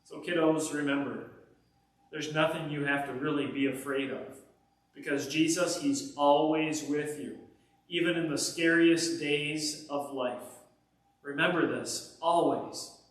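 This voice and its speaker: A man, a pastor, giving a children's message as an animated storyteller speaking to kids in a church. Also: fairly high pitch, measured pace. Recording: echoey church from far off.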